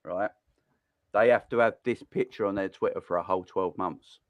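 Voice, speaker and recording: A man hosting a football call-in live stream, excitable and slangy, laughing often between lines. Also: low-pitched, normal speed, no room sound. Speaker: host of a football call-in show. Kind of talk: casual live-stream chat.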